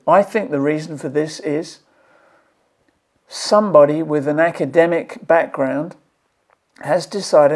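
An Australian maths educator presents a video series, speaking straight to camera in an impassioned, earnest and exasperated way. His voice sits on the high side, a little mellow, with vocal fry, and he pleads using repeated phrases.

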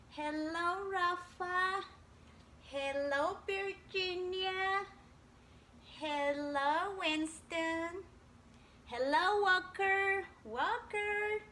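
Bright high-voiced preschool teacher. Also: female voice, slight background noise. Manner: slow, sing-song, cheerful teacher talk. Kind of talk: video lesson for small children.

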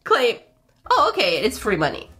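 Bright, playful woman gaming host. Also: normal speed. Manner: playful and expressive, big jumps in pitch; jokey asides to the viewers. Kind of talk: casual mobile game let's play commentary.

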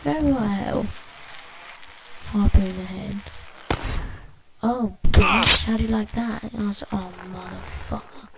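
A woman commentating a let's play, excitable and swearing often as she reacts to the game. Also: medium pitch, takes it slowly, creaky, pauses often. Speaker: gamer. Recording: loud background noise, amateur capture.

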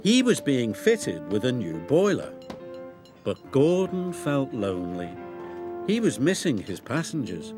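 Lively, slow British storyteller man. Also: medium pitch. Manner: gentle, expressive storytelling. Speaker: narrator. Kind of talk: scripted children's storybook narration. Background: music.

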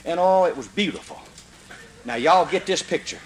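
A man with a Mississippi accent telling a folksy comic story, animated and prone to loud hollers. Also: on the high side, normal speed, noisy background. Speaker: comedian storyteller. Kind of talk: live comedy storytelling.

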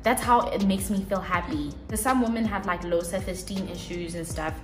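A woman's voice: lowish voice, normal speed. A young South African woman, a makeup artist, chatting casually and animatedly, laughing often. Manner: animated, laughs often, goes quiet while working. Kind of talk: casual chat. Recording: echoey room with background music.

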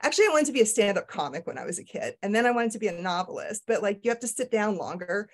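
A woman's voice: mid-range voice, animated. A middle-aged woman author being interviewed. She talks casually and candidly, pokes fun at herself and often stops to restart her sentences. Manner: candid, self-deprecating, halting with restarts. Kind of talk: casual conversation.

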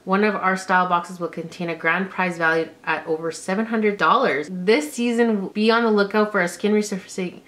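A woman's voice: mid-range voice, normal speed, hardly any pauses. A young woman vlogger from Canada chatting casually through an unboxing, gushing and exclaiming over each item. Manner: gushing, excitable, lots of gasps and exclamations.

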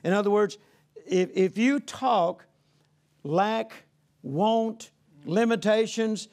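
A man's voice: high voice, slow pace, darkish tone. A man preaching a sermon in a folksy, conversational way, often saying "you know" and calling out "Amen?" to the congregation.

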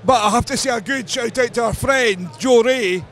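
A pleased male rugby fan speaking loudly after a win. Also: very high voice, normal speed.

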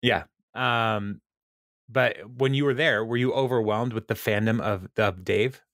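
A man with a fairly low voice hosts a casual podcast and retells a TV episode, laughing often and acting out the quoted lines. The sound is dry and close, with no room echo. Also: a little slow, a bit bright. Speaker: podcast host. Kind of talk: casual chat recapping a TV episode.

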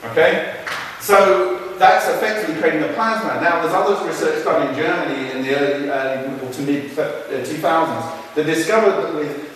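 A man's voice: on the high side, moderate pace, fairly bright tone, slight background noise. A man giving a chatty, informal university lecture, telling anecdotes and swearing casually as he explains. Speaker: guest lecturer. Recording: very echoey hall, distant mic.

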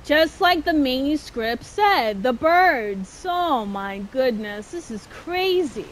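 A woman streaming a horror game, chatting and swearing, jumpy and quick to shout when chased. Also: high-pitched, animated, slight background noise. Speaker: gameplay streamer. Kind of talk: casual let's-play commentary.

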